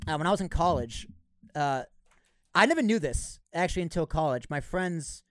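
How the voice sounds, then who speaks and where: A man's voice: a little high, expressive, dry recording. A man hosting a podcast in casual, joking chat, reading his closing plugs. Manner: jokey, laughing, quick plugs. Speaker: podcast host.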